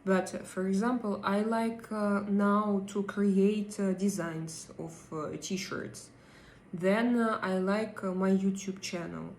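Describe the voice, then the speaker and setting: A woman hosting a live stream and chatting with viewers, hesitant and pausing often as she searches for her English words. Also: medium pitch, fairly even intonation, darkish tone, echoey room, a little hiss or hum, rough recording. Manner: hesitant, many pauses and fillers while searching for English words. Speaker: livestream host. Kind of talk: casual live chat, answering viewer comments.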